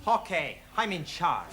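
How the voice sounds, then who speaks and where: An actor with an Italian accent playing a cheeky, joking young Italian student in a sitcom, throwing in Italian words. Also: male voice, high-pitched, very noisy, full character voice. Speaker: language student. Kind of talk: 1970s sitcom acting.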